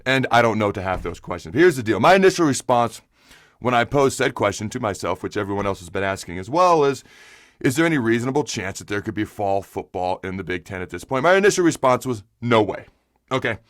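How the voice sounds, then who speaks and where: A man's voice: on the low side, sing-song, brisk, a bit bright, no room sound, studio quality. A man hosting a sports talk show, ranting with rhetorical questions and emphatic asides. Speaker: host. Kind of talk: opinionated sports talk monologue.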